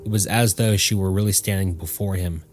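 Male audiobook narrator, measured, lowish voice, faint music behind. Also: steady tone.

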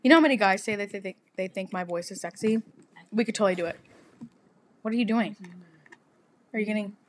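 A young woman chatting on a podcast with friends. She tells her story in a crude, lively way, swearing freely and building it up for laughs. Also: mid-range voice, fairly quick. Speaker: podcast co-host. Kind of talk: casual chat.

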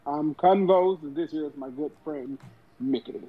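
A man's voice: fairly high pitch, normal speed, lightly acted. A man voicing a Triton sea-dweller turned pirate captain, speaking in a dry, matter-of-fact way during a tabletop game. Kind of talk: tabletop role-play voice. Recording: dull lo-fi mic.

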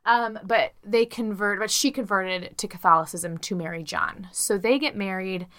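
A woman's voice: mid-range voice, normal speed, fairly bright tone. A woman co-hosting a podcast, telling a story in a chatty, jokey way and laughing often. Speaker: podcast co-host. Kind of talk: casual chat, storytelling.

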